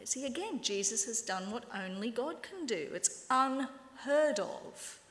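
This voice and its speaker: A woman preaching a lively, wry sermon and acting out quoted voices. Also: fairly high pitch, slow. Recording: echoey hall with long reverb.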